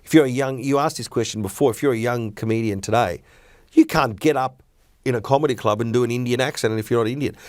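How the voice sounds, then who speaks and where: A mid-range, fast-talking voice from a middle-aged Australian comedian, recorded at studio quality with no echo. Chatting casually on a podcast, he's blunt, opinionated, and animated in his storytelling.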